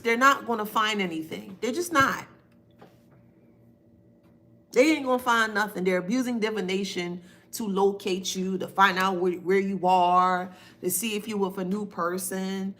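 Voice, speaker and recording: A woman's voice: medium pitch, a little slow, fairly bright tone, a little hiss or hum. A woman giving a casual spiritual reading on a live stream, emphatic and repetitive, thanking viewers by name. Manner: emphatic, repeats phrases, reads viewer names aloud.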